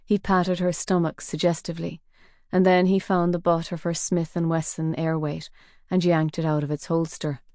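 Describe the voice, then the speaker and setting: Mellow-voiced woman narrating an audiobook. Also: on the low side, level tone, moderate pace, no room sound, clean studio sound. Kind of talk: scripted narration.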